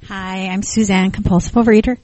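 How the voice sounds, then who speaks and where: A middle-aged woman speaks to a support group in a thoughtful, searching way. Her voice sits at a middle pitch, and she often pauses, restarts and adds "um"s. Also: fairly even intonation, a little mellow, slight background noise, low-quality recording. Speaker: support group member sharing. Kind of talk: personal testimony at a group meeting. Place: meeting room with a group.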